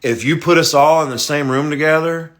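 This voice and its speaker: A man hosting a livestream, talking bluntly and profanely in a confessional rant that swings into loud, excited, laughing bursts. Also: on the high side, fairly quick. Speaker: livestream host.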